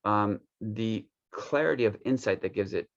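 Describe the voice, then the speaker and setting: A man with a fairly low, gravelly voice talks loosely through a wellness gadget walkthrough. He fills the gaps with "um"s and restarts, as if he is making it up as he goes. The recording sounds somewhat dull and lo-fi. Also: normal speed. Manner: rambling, loose, with many fillers and restarts. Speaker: wellness device demonstrator. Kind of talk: casual unscripted product walkthrough.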